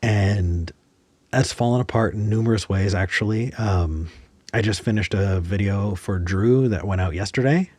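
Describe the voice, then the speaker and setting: A man's voice: fairly low pitch, normal speed, a little mellow, no room sound. A man hosting a podcast, talking reflectively and searching for words with frequent restarts. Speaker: podcast host. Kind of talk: casual conversation.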